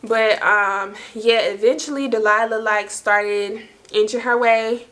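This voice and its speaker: A young woman vlogger telling a story in casual, slangy speech, lively and quick to laugh. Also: fairly high pitch. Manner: animated, slangy, laughing as she tells it.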